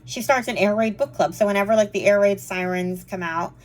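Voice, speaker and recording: A woman chatting casually through a monthly reading wrap-up, rambling with lots of fillers. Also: mid-range voice. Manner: chatty and rambling, frequent fillers and quick laughs. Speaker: book reviewer.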